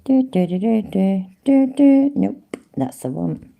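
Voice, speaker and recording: A woman's voice: medium pitch, big pitch swings, slow, gravelly, warm tone. A woman with a Leicester accent chatting casually on a live stream, rambling and swearing freely with frequent laughs. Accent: Leicester English.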